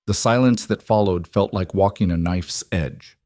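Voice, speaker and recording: Low-pitched male audiobook narrator, steady and dramatic, dry close sound. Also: normal speed, few pauses, no room sound. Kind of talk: scripted narration.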